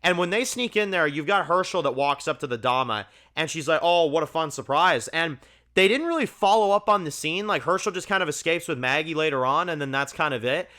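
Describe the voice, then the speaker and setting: Man, review channel host, bright forceful voice, slightly high, casual rambling episode recap. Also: expressive, fairly quick. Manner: rambling and enthusiastic, heavy on "like" and "you know".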